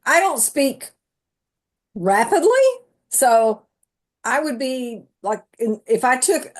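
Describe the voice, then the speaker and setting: Woman telling a story, higher voice. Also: lively intonation, slow. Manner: storytelling, acts out quotes. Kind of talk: casual chat.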